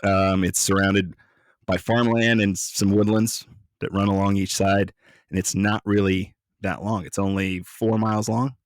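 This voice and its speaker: A man with a very deep voice, co-hosting a casual podcast. He jokes and swears freely in a relaxed way. The sound is close and dry, with no room around it. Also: unhurried, no room sound. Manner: joking, profane, relaxed. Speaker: podcast co-host.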